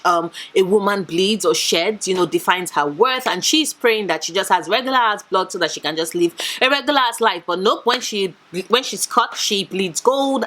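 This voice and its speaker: A young woman from Nigeria chatting casually and excitedly about books she can't wait to read, gushing with big swings in her voice. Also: medium pitch. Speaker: book reviewer. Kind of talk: casual enthusiastic book chat.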